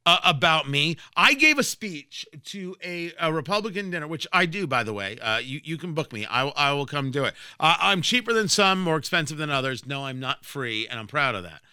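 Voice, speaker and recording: Combative talk-radio man, bright high voice. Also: animated, brisk, hardly any pauses, clear, resonant tone, dry recording, studio quality. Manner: combative, emphatic, sarcastic asides. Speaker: political radio host. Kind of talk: opinionated political commentary.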